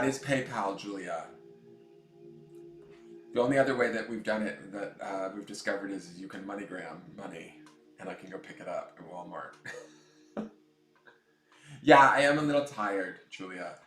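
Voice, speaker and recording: A man's voice: normal speed, pauses often, a bit bright, roomy sound. A man hosting a tarot live stream, chatting casually and answering viewers' comments by name. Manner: coos in a high baby voice to his new cat.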